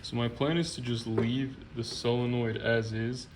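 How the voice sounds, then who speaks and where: Gravelly-voiced man explaining car work. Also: mid-range voice, a little slow, noisy background. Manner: relaxed, chatty, explaining step by step. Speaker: car restoration hobbyist vlogger. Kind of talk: casual how-to narration while working on a car.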